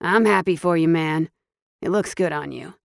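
A woman's voice: on the low side, moderate pace, creaky, no room sound, studio quality. Woman voicing a teasing male best friend. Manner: calming, joking.

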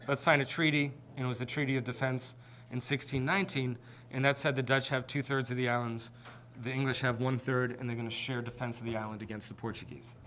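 A man's voice: mid-range voice, flat delivery, quick pace, fairly bright tone, a little hiss or hum. A man presenting a seminar, telling history in an informal, conversational way. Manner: conversational storytelling. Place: presentation with slides.

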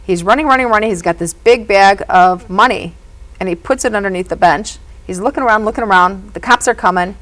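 A woman speaking as a psychic medium guest, telling stories in an animated, earnest way. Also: medium pitch, fairly quick, low-quality recording. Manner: animated and earnest, often says "you know". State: emotional at moments. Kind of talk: storytelling in a conversation.

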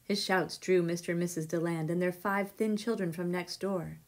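A woman's voice: on the low side, fairly even intonation, normal speed. Woman reading a picture book aloud. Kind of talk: read-aloud storytelling.

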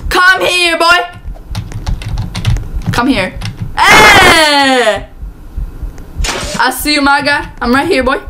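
A woman voicing a playful, taunting killer who hunts children in a game, shouting mock threats over loud keyboard clicks. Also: sits high, extremely slow, pauses often, very noisy.

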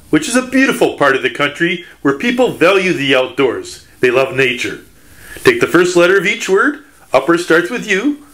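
A man's voice: a little high, fairly bright tone. A man from Michigan, a children's author, giving an educational talk for children in a teacherly, playful way with puns.

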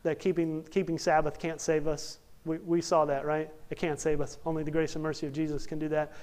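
A young man preaching a sermon, telling a humorous story and acting out the characters in animated bursts. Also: on the high side, brisk. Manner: animated, jokey, acts out characters.

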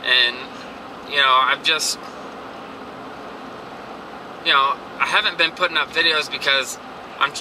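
A man rambles earnestly into his handheld camera. He keeps restarting his sentences in a casual motivational rant. Car and traffic noise runs loudly underneath. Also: on the high side, fairly even intonation, unhurried, long pauses, distant mic. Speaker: vlogger. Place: in a car and outdoors. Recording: noisy car and street background.

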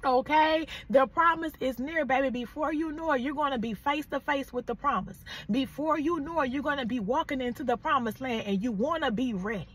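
Fervent high-voiced woman preacher. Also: fairly quick, hardly any pauses, fairly bright tone, far from the mic. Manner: fervent, calls listeners "baby" and "y'all", urges call-and-response. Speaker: prophetic preacher. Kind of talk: prophetic word sermon.

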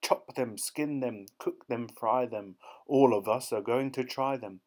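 Guy doing a greedy townsfolk mob yelling in rhyme, storybook style. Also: mid-range voice, a little slow, close to an everyday voice. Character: angry French townsfolk mob, hungry and wild.

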